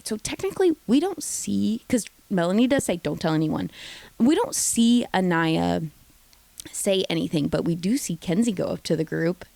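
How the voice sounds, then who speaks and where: A woman's voice: mid-range voice, a little mellow, no echo. A woman giving a casual, opinionated recap of a reality show, chatty, swearing freely and acting out the contestants' quotes.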